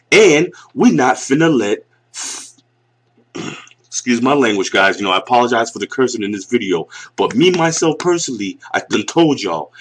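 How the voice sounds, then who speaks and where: A man in his forties with a Northeastern US accent, ranting bluntly and mockingly as a YouTube commentator reacting to a clip. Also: mid-range voice. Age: 40s. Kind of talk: reaction rant.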